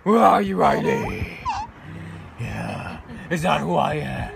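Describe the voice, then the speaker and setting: A man's voice: fairly high pitch, big pitch swings, slow, heavy background noise, full character voice. A man putting on a brooding masked vigilante's voice to play with his baby daughter. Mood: gravelly growl. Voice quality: gravelly growling whisper.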